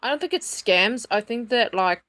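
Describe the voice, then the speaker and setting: A woman's voice: on the high side, expressive, moderate pace, pushed and bright. A woman co-hosting a casual livestream, asking questions and teasing.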